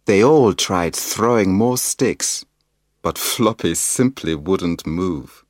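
A man reading a children's picture book aloud in a slow, expressive storytelling manner. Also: deep voice, no room sound, studio quality. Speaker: storybook reader.

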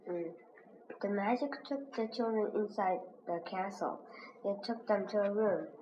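Brief: woman teacher reading a kids' book aloud, very slow and deliberate, mid-pitched, dull lo-fi sound. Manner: slow, careful, clearly pronounced. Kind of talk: slow read-aloud of a children's reader. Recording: dull lo-fi recording with faint hiss.

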